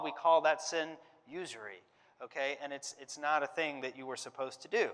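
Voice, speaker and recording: A Bible teacher with a fairly bright voice on the high side gives a conversational lesson. He thinks aloud, often hedging and restarting, and the recording carries a long hall reverb.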